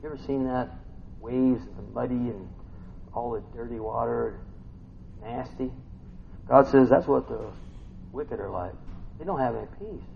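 Man, preacher, sermon, gravelly, dramatic swings from hushed to loud, humming pauses, dull lo-fi sound. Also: mid-range voice. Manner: swings from hushed asides to loud exclamations, muses with hums. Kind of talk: sermon reading and expounding scripture. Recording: dull lo-fi recording with faint background noise.

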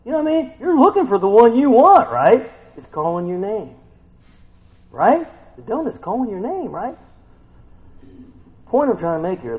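A man preaching an informal sermon, reading scripture aloud and talking it through with his listeners, asking them questions and acting out what people say. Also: high voice. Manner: conversational, asks the listeners questions, acts out quotes. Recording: tinny phone-like sound.

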